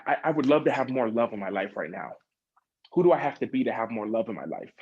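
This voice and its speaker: A man's voice: medium pitch, breathy edge, low-quality recording. A man leading a group coaching session over a video call, talking in a loose, chatty way with many fillers and acting out the questions people ask themselves. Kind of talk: casual motivational coaching talk.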